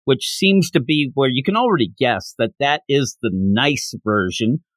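A male podcast host with a mid-range voice speaks at a measured pace in a dry recording. He gives a casual, giggly recap of a manga chapter, staying animated and acting out the dialogue.

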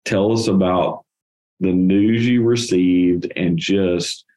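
A male podcast host asking questions haltingly, with many fillers. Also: sits low, steady tone, dark tone, poor audio. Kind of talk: casual interview.

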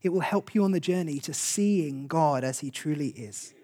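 A breathy, slightly husky preacher delivers a sermon. The pitch sits in a middle range, and the talk is earnest and conversational. Short phrases come back again and again for emphasis. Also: normal speed, mellow.

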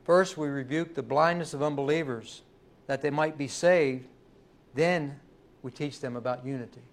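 A man preaching a sermon as pastor, pressing his points with rising emphasis and slowing down to stress key words. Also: medium pitch. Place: church.

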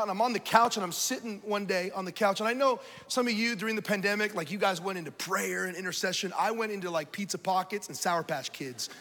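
A man preaching a sermon, telling a story with animated, self-mocking humor and frequent laughter. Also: high voice. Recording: preaching in a large reverberant hall.

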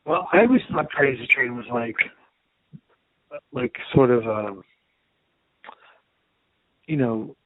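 A man's voice: medium pitch, lively intonation, slow, pauses often, no echo. A man co-hosting a podcast, chatting casually about a rock album, easygoing and chuckling often, trailing off with fillers. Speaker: podcast co-host. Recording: dry, thin phone-like sound.

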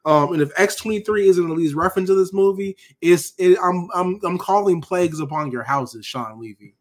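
A man with a notably high speaking voice co-hosts a casual podcast chat. He rants in an animated, emphatic and profane way, pressing his points hard. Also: brisk. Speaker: podcast co-host.

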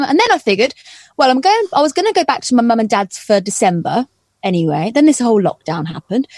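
A woman's voice: fairly high pitch, darkish tone, dry recording. A young woman from Norfolk with a Norfolk accent, chatting casually on a podcast and laughing often. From Norfolk, England. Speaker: radio presenter guest. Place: caravan.

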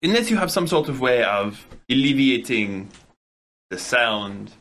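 A man playing in a tabletop role-playing game, rambling and cautious with pauses. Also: medium pitch, very animated, a bit bright. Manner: rambling, cautious, pausing with ums. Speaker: player. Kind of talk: casual tabletop role-play.

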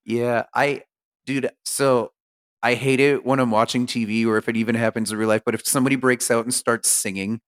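A man co-hosting a podcast, joking and swearing, with animated mocking impressions. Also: mid-range voice, fairly quick, clean tone. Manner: animated, jokey, swears, mimics voices. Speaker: podcast co-host. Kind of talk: casual chat.

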